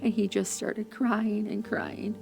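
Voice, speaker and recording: A woman gives a heartfelt, emphatic interview. Her voice is gravelly and mid-pitched, and music plays clearly beneath her. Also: little pitch movement, takes it slowly. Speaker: relative, interviewee. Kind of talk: emotional interview.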